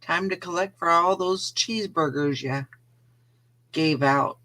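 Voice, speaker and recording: A woman's voice: fairly low pitch, a little slow, sharp tone. A woman co-hosting a casual live-stream morning show, laughing easily and trailing off mid-sentence. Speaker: co-host of a reseller morning show.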